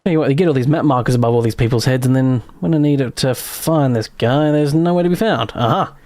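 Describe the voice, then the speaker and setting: A man talks his way through a live game session in a loose, muttering commentary, as if chatting to himself. His voice sits at an ordinary middle pitch. The sound is close and dry, with no room around it. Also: quick pace, a little mellow, no echo. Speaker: gaming streamer. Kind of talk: casual live gameplay commentary.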